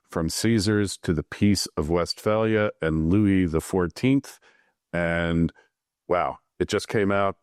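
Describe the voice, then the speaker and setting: A man's voice: deep voice, clear, resonant tone, dry recording, studio quality. A man hosting a financial podcast, introducing his guest in an upbeat, conversational way. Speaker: podcast host.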